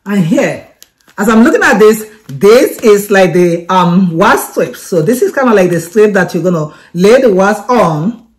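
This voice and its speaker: Woman vlogger, mid-pitch, excitable and repetitive, unboxing review. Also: measured pace. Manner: chatty, repeats herself, excitable. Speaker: product reviewer.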